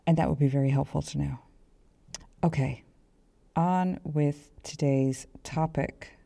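A woman's voice: sits low, steady tone, a little slow, gravelly, mellow. A woman hosting a professional development podcast, talking in a chatty, self-deprecating way with fillers and restarts. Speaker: podcast host.

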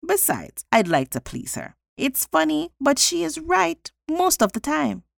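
A woman voicing a proud, boastful small-town male judge, reading aloud in a slow, lively storytelling voice. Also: very high voice, vocal fry, no echo, pitched above the performer's own voice, heavily acted. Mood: delighted. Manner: pompous, self-satisfied.

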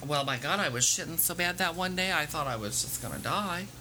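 A woman's voice: low voice, lively intonation, a little fast, pushed and bright, a little hiss or hum, low-quality recording. A woman co-hosting a podcast, telling blunt, bawdy stories in casual banter. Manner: bawdy, laughing, blunt storytelling. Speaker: podcast co-host.

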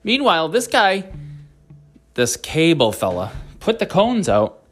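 Profane, animated storyteller man. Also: on the high side, a little slow. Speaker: caller telling a story by voice message. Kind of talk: rambling anecdote told to a podcast host.

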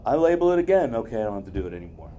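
A man's voice: fairly low pitch, big pitch swings, rapid-fire, dark tone, slight background noise. A man giving a motivational wellness talk to a group in a loose, conversational way, full of asides and personal stories. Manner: rambling, conversational, with many asides.

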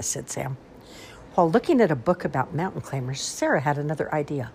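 An older woman reading a children's storybook aloud in an expressive, animated way. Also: deep voice, brisk, vocal fry, slight background noise.

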